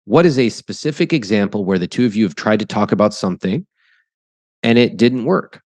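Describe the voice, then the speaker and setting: A man with a lowish voice leads a podcast interview with a couple, asking quick and pointed questions. He affirms their answers plainly. The sound is dry and close, with no room around him. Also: animated, a little mellow, no room sound. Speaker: podcast host, money coach.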